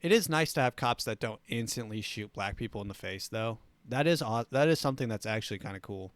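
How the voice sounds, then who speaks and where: A man's voice: medium pitch, moderate pace, no echo. A man hosting a comedy show, reading news items and riffing on them sarcastically. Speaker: show host.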